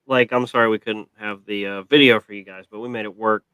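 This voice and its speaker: A man's voice: lowish voice, steady tone, brisk, fairly bright tone, smooth, no room sound, low-quality recording. A man hosting a casual pop-culture react chat, joking and teasing his co-host.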